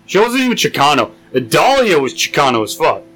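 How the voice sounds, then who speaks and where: A man's voice: on the high side, sing-song, brisk, sharp tone, soft background music, low-quality recording. A young man chatting casually on a podcast, blunt and joking with crude humor. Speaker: podcast co-host. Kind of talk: casual chat.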